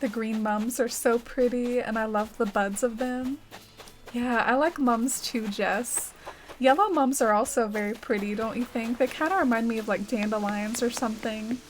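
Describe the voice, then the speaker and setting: A young adult woman chats while streaming a game, reading the chat out loud and rambling with frequent "like" and "uh." Her voice is a little high with a steady tone at normal speed. The audio is poor, with a little hiss or hum.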